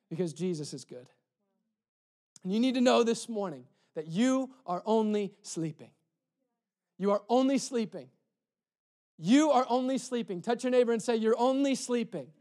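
A man preaching a sermon in church, impassioned and repetitive, dropping soft for emphasis. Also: high voice. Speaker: pastor.

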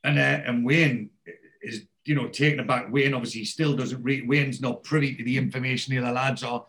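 A man's voice: mid-range voice, brisk. A man hosting a podcast, recapping a TV episode casually and acting out the characters' lines as he goes. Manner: animated storyteller acting out quoted lines. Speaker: podcast host.

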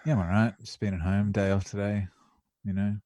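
A relaxed man who chats on a video call and swears freely. His voice sits at an ordinary, mid pitch. The sound is dry, close and plain. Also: brisk, no echo. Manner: laid-back, swears a lot. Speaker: podcast co-host. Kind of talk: casual chat.

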